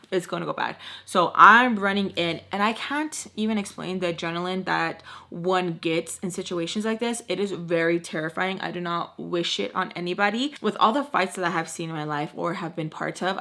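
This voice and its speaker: Young woman doing a storytime vlog, bright tone, animated, lots of "like". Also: lowish voice. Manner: animated, acts out quotes with lots of "like". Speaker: YouTube storyteller.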